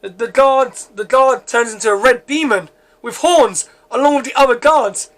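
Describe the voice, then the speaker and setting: A man narrates a first read-through of his own script, stumbling and restarting often. His voice sits very high for a man. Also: normal speed, fairly bright tone. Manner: plain reading with frequent stumbles and restarts.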